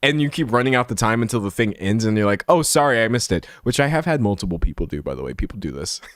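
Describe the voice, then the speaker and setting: A young man streaming live, reading an article aloud to his chat and breaking off into chatty commentary, swinging from loud remarks to hushed asides. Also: lowish voice, big pitch swings, very fast, no room sound, studio quality.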